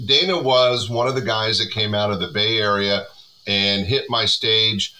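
A man in his sixties, a comedy club owner, chatting casually as an interview guest with relaxed rambling. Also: on the low side, unhurried, rough recording.

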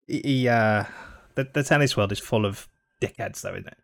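A man co-hosting a casual podcast from a home mic. He rambles and swears freely, laughing along the way. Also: mid-range voice. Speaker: podcast co-host. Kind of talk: casual chat.

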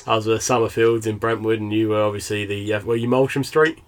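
A man's voice: on the low side, steady tone, quick pace. Giggly English man in casual chat. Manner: laughs often, with many fillers. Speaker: podcast guest.

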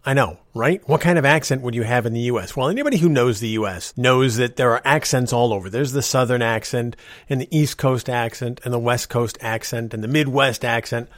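Chatty man telling stories, crisply enunciated. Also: mid-range voice, fairly quick, fairly bright tone, no echo, clean studio sound. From New Jersey, US. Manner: chatty, self-deprecating, chuckles between lines; enunciates words carefully. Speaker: host. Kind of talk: casual storytelling monologue.

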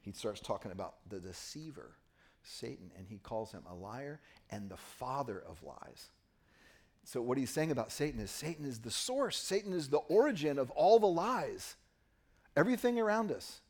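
A man preaching a Sunday sermon, reading scripture and then explaining it with pauses for emphasis. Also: medium pitch, very animated. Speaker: pastor. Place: church.

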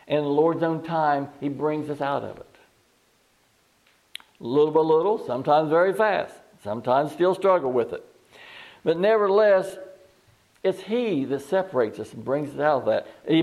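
Higher-voiced man preaching a sermon. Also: a little mellow. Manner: reads scripture aloud and asks the listeners questions; repeats words and restarts phrases. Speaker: pastor.

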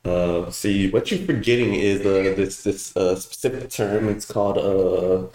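A man co-hosting a casual podcast chat, talking in a halting, laid-back way, full of fillers and restarts. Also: low-pitched, warm tone. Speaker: podcast co-host. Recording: roomy echo.

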